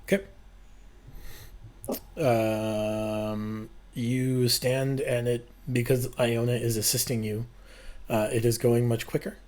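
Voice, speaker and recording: A man narrating and ruling as game master, explaining calmly with fillers. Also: medium pitch. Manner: unhurried, explains rules with fillers.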